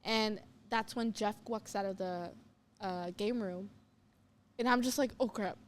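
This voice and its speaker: A woman's voice: mid-range voice, a little slow, slight background noise. A young woman co-hosting a youth podcast, telling a story in casual chat with many fillers and acting out what she heard. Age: young adult.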